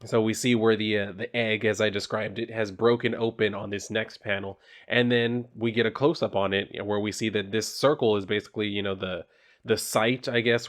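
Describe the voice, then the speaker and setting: A man casually talking through a comic book page by page, rambling with lots of fillers and blunt personal asides. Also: fairly low pitch. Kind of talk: casual comic review vlog.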